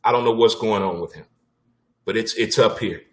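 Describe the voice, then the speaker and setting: A man hosting a casual sports talk show, with a blunt, animated delivery, occasional swearing and punchlines he repeats for effect. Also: fairly low pitch, a little fast.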